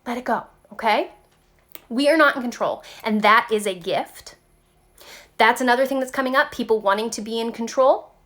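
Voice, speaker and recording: Speaking directly to her viewers, a woman with a somewhat high voice gives a casual spiritual talk at a brisk clip. She's animated and chatty, scattering "like" and "okay" throughout, and comes across as a vlogger thinking aloud.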